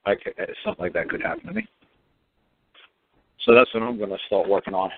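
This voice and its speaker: A man's voice: high voice, huge pitch swings, quick pace, creaky. A man hosting a talk show, giving advice in a folksy, rambling, plain-spoken way. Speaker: host. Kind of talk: casual advice monologue. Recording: tinny phone-line sound.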